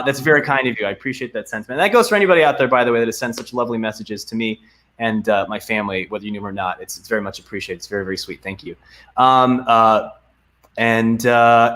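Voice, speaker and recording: Bright-voiced young man on a video call. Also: mid-range voice, quick pace. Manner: reads donor names with many ums and uhs, warm and grateful. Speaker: guest actor. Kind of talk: casual video-call chat.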